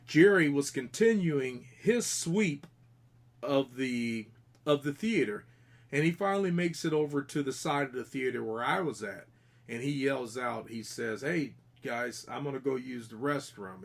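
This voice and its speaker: A man's voice: medium pitch, creaky. A man on a podcast earnestly telling, in detail, about a ghostly encounter during an investigation, often restarting his sentences. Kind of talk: casual podcast storytelling.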